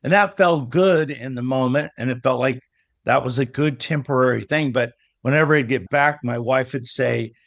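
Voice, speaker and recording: A middle-aged man tells a story in a casual interview, bringing the other people in it to life with their own lines. His voice sits at an ordinary middle pitch. The sound is dry and close. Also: moderate pace, gravelly, no room sound. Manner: animated storyteller who acts out remembered dialogue. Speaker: podcast guest, business coach.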